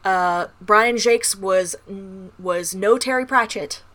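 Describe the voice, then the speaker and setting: A woman's voice: mid-range voice, slow, fairly bright tone. A woman co-hosting a podcast in casual chat, candid and laughing often, with the odd swear word. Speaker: podcast co-host.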